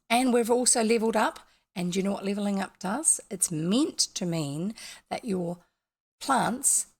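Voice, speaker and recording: A gaming vlogger with a New Zealand accent chats casually while playing a video game, walking her viewers through each step. Her voice is medium in pitch with a creaky quality.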